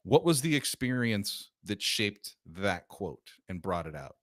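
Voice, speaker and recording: A man hosting a podcast interview, thoughtful and reflective, quick to laugh. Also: fairly low pitch, very animated, no echo, studio quality. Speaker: podcast host.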